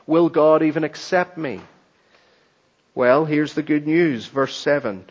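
A male pastor delivering a sermon with earnest emphasis, now and then speaking to the children present. His voice sits a little higher than most men's. The recording is dull and lo-fi. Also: slow pace, in a large hall.

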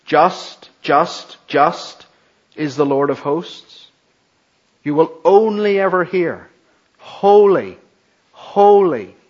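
A man preaches a sermon at a slow, deliberate pace, leaning hard on repeated words. His voice sits a little high for a man. The recording sounds dull and lo-fi. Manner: slow, emphatic preaching with dramatic repetition.

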